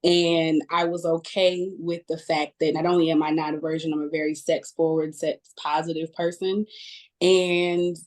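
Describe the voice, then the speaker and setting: A woman writer joins a casual talk, her voice slightly low. She speaks candidly and with earnest emphasis. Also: flat delivery, moderate pace, a little mellow. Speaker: guest writer. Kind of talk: casual podcast chat.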